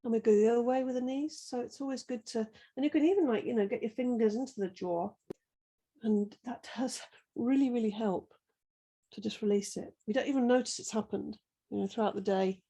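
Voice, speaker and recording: A middle-aged woman guiding a slow floor-based yoga class, giving gentle, soothing breathing and movement cues with many pauses. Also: on the high side, poor audio. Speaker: yoga teacher. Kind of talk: guided yoga class instruction.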